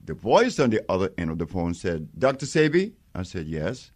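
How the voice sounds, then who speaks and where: Speaking fairly quickly in a low-sitting voice, an older herbal healer being interviewed tells emphatic, animated stories. He acts out quoted exchanges and laughs frequently in this conversational storytelling.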